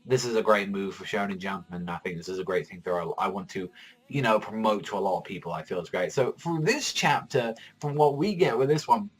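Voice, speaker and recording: A man giving a casual, rambling spoken review, excitable and swearing constantly, often breaking into loud mock voices. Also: lowish voice, brisk, slightly rough. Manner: jumps into shouted mock voices for characters. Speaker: manga reviewer.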